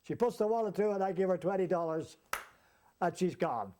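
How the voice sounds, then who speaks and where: A man telling a comic travel anecdote as a storyteller, lively and chuckling along as he goes. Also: high-pitched, fairly quick, slight background noise. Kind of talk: comic anecdote told to an audience.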